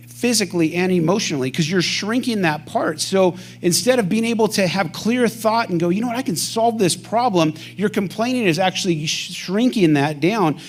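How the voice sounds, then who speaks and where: Middle-aged pastor, slightly high male voice, chatty sermon delivery. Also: expressive, moderate pace, hardly any pauses. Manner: conversational, acts out everyday voices.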